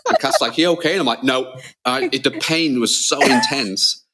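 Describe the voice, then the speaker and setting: A man, a father, co-hosting a podcast, telling stories in lively casual chat and acting out scenes with loud shouts. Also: mid-range voice, normal speed, slightly rough. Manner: animated storyteller, acts out scenes with loud shouts. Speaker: podcast co-host.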